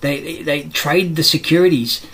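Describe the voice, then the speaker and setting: A man's voice: a little high, steady tone, normal speed, pushed and bright, a little hiss or hum, rough recording. A middle-aged Australian man in a rambling, profane monologue, blunt and aggrieved, swearing constantly.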